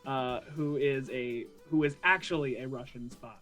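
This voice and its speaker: A man improvising a tabletop adventure scene, halting often with fillers. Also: mid-range voice, steady tone, a bit bright, soft background music. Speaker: player.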